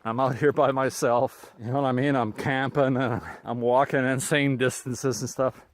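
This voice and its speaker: A man's voice: mid-range voice, level tone, moderate pace, no echo. A man with a Canadian accent, talking casually to a handheld camera while hiking outdoors on a lakeside trail, chatty and chuckling often. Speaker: hiker vlogger. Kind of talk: casual vlog narration.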